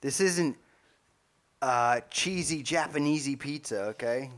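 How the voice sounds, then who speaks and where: A man's voice: mid-range voice, measured pace, fairly bright tone. A man co-hosting a casual podcast, joking crudely and swearing freely, often trailing off mid-sentence. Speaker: podcast co-host.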